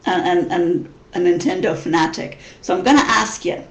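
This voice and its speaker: A woman's voice: lowish voice, animated, moderate pace. A woman in her thirties from Missouri whose American accent is mixed with English, chatting in a rambling, casual vlog Q&A style. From Missouri, United States. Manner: chatty, rambling, frequent restarts. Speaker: vlogger. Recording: roomy echo.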